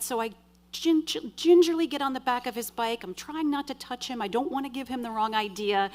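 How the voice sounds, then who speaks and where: A woman telling a true story on stage in the first person, with dry, wry humor and lively quoted dialogue. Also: fairly high pitch, a little fast. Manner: vivid, animated retelling with quoted dialogue. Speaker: storyteller at a live show.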